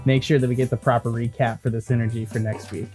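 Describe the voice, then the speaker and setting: A man's voice: medium pitch, flat delivery, fast talker, a little mellow, breathy edge, faint music behind. A man narrating a tabletop game as dungeon master and podcast host, rambling with plenty of fillers.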